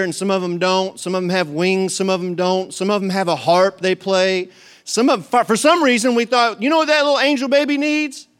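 A man preaching a sermon to his congregation in a folksy, joking, animated way. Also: fairly high pitch, clear, resonant tone. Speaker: pastor.

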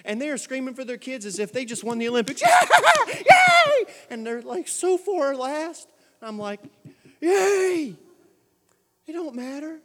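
A pastor preaching a sermon in a church, moving from soft, quiet asides to shouted exhortations. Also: male voice, very high-pitched, fairly quick, few pauses, long reverb tail, a little hiss or hum. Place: church sanctuary.

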